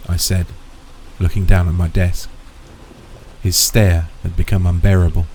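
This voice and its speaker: A man reading a first-person horror story in a measured, composed way. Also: sits low, flat delivery, dark tone, a little hiss or hum, poor audio. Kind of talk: scripted first-person narration.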